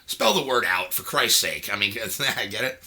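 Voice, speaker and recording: A man's voice: on the low side, normal speed. A man hosting a podcast, chatting casually and telling rambling, profane stories. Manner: profane, rambling, animated storytelling. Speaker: podcast host. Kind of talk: casual chat.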